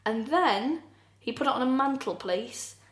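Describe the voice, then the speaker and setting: A woman's voice: high-pitched, expressive, a little slow, echoey room. A woman co-hosting a comedy podcast, telling the story bluntly with swearing and laughter. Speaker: podcast co-host. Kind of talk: casual comedic chat.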